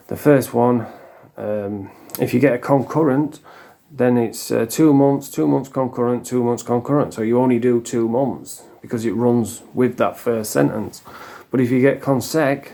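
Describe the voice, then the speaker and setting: A man's voice: medium pitch, creaky, warm tone. Blunt, ranting man. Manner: blunt, heated, swears freely. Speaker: vlogger. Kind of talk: casual ranting monologue.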